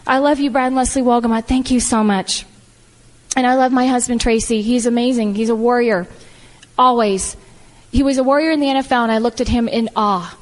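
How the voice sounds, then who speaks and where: A middle-aged woman with a high, bright voice delivers a heartfelt motivational speech, piling up emphatic declarations. Her voice rings out with the long reverb of a big hall. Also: fairly quick. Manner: heartfelt, animated, repetitive "I love" phrasing. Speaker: speaker at a business event.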